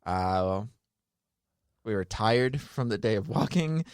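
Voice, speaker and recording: A man's voice: on the low side, lively intonation, takes it slowly, a little mellow, clean tone, no room sound, clean studio sound. Laughing, rambling male podcast host. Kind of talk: casual comedic chat.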